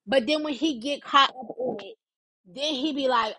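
A woman with a fairly high voice talks through her opinions in a casual commentary. She speaks informally and emphatically, hammering her points home by repeating them. The recording is dry and close, with no room echo. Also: a little fast, pushed and bright, slightly rough.

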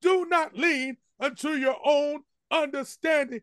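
A man preaching from the pulpit in a strikingly high voice, pressing each point with repeated refrains. The sound is close and dry, with hardly any room around it. He speaks straight to the congregation, and they answer him. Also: unhurried, fairly bright tone, dry recording. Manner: emphatic call-and-response preaching with repeated refrains. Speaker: senior pastor. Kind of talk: sermon. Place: church sanctuary.

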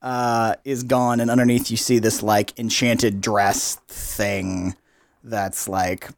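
A man's voice: lowish voice, level tone, slow pace, creaky. A man running a tabletop game as game master, narrating loosely and laughing often.

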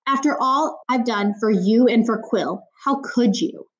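List: woman voicing a ruthless high priestess, storybook, harsh, sharp, accusing, raised voice. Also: unhurried, muffled recording, lightly acted. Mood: bitter.

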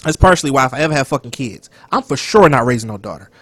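A man co-hosting a casual podcast chat, loud and animated, profane, sometimes dropping to a whisper. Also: mid-range voice, very fast, breathy edge, no room sound. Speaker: podcast co-host.

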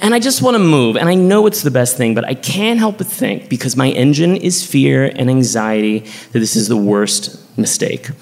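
A man from Texas telling a personal story on stage at a live show, animated and chatty, full of "like.". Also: medium pitch, normal speed, creaky, hardly any pauses, big-room sound. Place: theater stage before a live audience.

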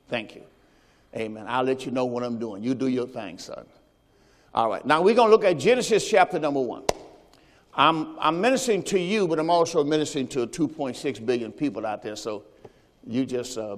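Man preaching a sermon, call-and-response, high animated voice, long hall reverb. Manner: call-and-response preaching, has the congregation repeat phrases. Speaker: pastor. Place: church service.

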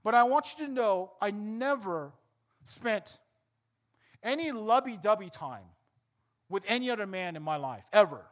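A man's voice: high-pitched, animated, measured pace, pauses often. A man acting out a young daughter earnestly insisting on her story. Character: teenage daughter insisting she is pregnant.

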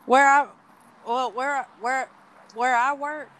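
A woman who served as a Marine, talking bluntly and profanely in casual chat, animated when she quotes people. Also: sits high, takes it slowly, crowd noise, low-quality recording. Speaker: veteran podcast guest.

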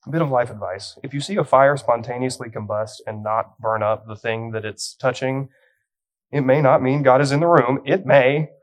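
Speaking at a moderate pace in a mid-range voice, a young youth pastor gives a sermon. He brings light humor to the story and lends the scripture reading dramatic weight, all on a rough recording.

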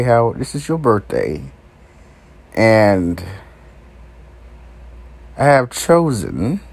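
Slow-talking profane male host. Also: medium pitch. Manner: crude, profane, rambling storytelling; chuckles between remarks. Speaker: talk show host. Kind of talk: unscripted solo monologue.

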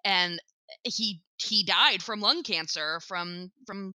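A woman co-hosting a casual podcast chat, excitable and quick to laugh, swearing casually. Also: medium pitch, no room sound. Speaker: podcast co-host.

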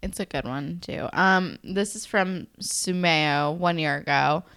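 A woman's voice: fairly low pitch, unhurried, fairly bright tone, clear, resonant tone. A young woman co-hosting a podcast, gushing enthusiastically in casual recap chat. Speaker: podcast co-host.

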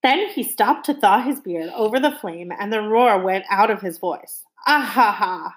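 A woman's voice: medium pitch, normal speed. A woman reading a novel aloud to young listeners, stopping now and then to ask them questions. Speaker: reader.

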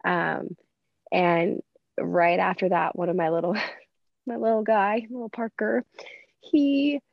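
A woman hosts a podcast in easy casual chat, laughing often and leaping high in pitch whenever she acts out what someone said. Her voice sounds dull and muffled. The recording is close and dry, with no room sound. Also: fairly even intonation, slow, vocal fry, dry recording. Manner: chatty, laughs often, acts out quotes with big pitch jumps. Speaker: podcast host.

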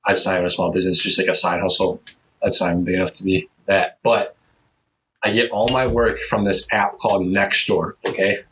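A young man hosting a casual podcast chat, rambling and animated, often mimicking other people in high voices. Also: a little fast, a little hiss or hum, rough recording. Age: young adult. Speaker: podcast host.

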